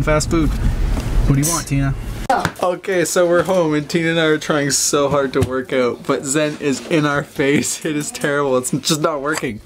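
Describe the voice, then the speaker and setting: A man vlogging casually on a handheld camera, chatting and joking with his partner and dog. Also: a little high. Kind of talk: casual vlog chat. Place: outdoors at parks and at home. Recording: outdoor noise in background.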